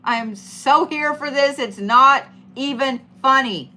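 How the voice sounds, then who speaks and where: A woman's voice: high-pitched, a little slow, sharp tone. A middle-aged woman giving casual, playful zodiac tarot readings, swearing freely and hyping up her listeners. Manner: swearing, playful, hyped-up and chatty.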